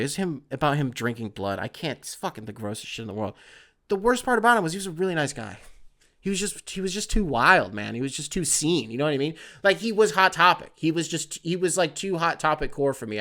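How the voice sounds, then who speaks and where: Rambling, profane male podcast host. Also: a little high. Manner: loose, profane, rambling with many fillers; gets excitable and louder when worked up. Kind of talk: casual solo podcast storytelling.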